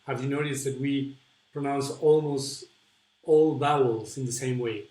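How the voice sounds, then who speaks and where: Slow, patient man teaching. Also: medium pitch, steady tone, mellow. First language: Spanish. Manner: patient, repeats examples slowly, answers viewer questions. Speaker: Spanish teacher. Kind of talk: online webinar lesson. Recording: echoey room.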